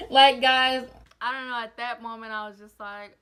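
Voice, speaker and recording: A woman's voice: fairly high pitch, fairly even intonation, moderate pace, few pauses, a bit bright, low-quality recording. A young adult woman vlogger telling her birth story in a casual, emotional, rambling way with lots of fillers.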